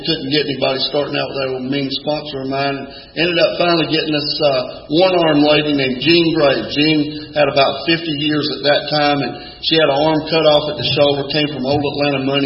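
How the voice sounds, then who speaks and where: An older man, telling his story at a recovery meeting in a wry, folksy way with dry punchlines. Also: a little high. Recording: echoey hall with dull lo-fi sound and faint room noise.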